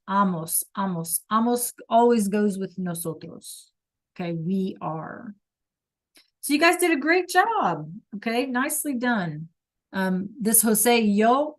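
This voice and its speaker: A woman teaching a class over a video call, explaining slowly and patiently and checking in with "okay?" all the time. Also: medium pitch. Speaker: Spanish teacher.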